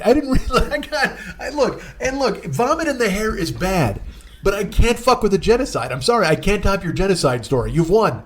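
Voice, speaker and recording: A man in his forties tells a rambling, profane comic story on his own podcast. His voice sits a little high and jumps around as he gets worked up. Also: very animated, fairly quick. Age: 40s. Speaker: podcast host, comedian.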